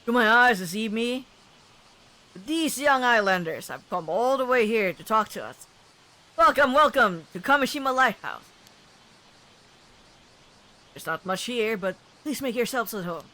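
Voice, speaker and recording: A young woman reads game dialogue aloud, voicing a theatrical, pompous middle-aged man who fancies himself a detective, complete with a grandiose put-on British lilt. Her voice is a little high, animated, pushed and bright, at a measured pace with long pauses.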